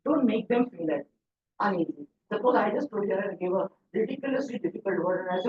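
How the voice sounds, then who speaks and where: A woman's voice: medium pitch, lively intonation, fast, background noise. A woman with an Indian English accent, leading a pronunciation workshop for teachers in a chatty, encouraging way. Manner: encouraging, chatty, praises often. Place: classroom or hall. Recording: echoey, distant, dull sound.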